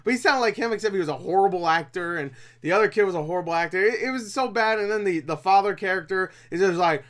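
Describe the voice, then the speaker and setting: A man's voice: high voice, fast talker, hardly any pauses, a bit bright. A man giving a casual, rambling spoken film review, swearing and laughing often, with frequent restarts. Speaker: movie reviewer.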